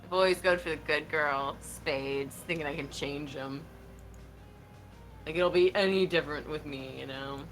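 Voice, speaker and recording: A woman voicing a cool, tough young female troll in a game, with a low-key, offhand drawl. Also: normal speed, a bit bright, soft background music. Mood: world-weary. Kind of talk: reading game dialogue aloud.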